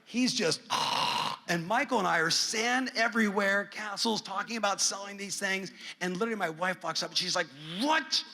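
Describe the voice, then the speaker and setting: A middle-aged man speaking on a conference stage, telling a family story with lively acted-out dialogue. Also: high-pitched, a little fast, gravelly, hardly any pauses. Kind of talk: storytelling keynote. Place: large conference hall. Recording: long hall reverb.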